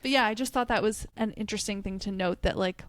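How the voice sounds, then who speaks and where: A woman's voice: medium pitch, quick pace, dry recording. Musing woman podcast co-host. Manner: thoughtful, musing, many fillers. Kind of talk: casual book chat.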